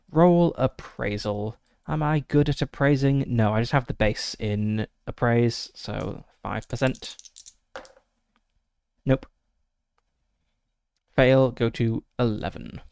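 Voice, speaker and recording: A man with a gravelly, crackly voice reads a solo tabletop adventure aloud, dropping in frequent "uh" fillers and side remarks. He sounds close and dry, with no room around him. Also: mid-range voice, unhurried, no echo. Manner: steady descriptive reading with frequent "uh" fillers. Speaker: streamer running a solo tabletop game. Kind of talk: reading a gamebook aloud with asides.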